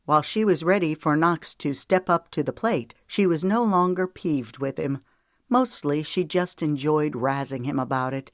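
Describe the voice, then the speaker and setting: An audiobook narrator reading a romance novel in an even, gentle storytelling manner. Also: medium pitch, moderate pace, no room sound, clean studio sound. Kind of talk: scripted narration.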